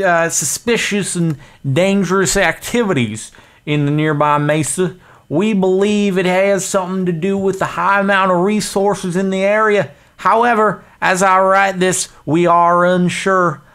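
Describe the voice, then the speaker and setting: Man voicing solemn railroad agent's letter, slow and theatrical. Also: sits high, fairly bright tone, clean tone, voice pushed up. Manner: slow, dramatic, letter-reading voice. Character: earnest man reading an urgent railroad letter.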